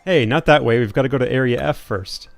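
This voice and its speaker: A man's voice: mid-range voice, fairly quick, creaky, dry recording, faint music behind. A young man giving casual, playful commentary while he plays a video game, thinking aloud as he goes. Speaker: gaming streamer.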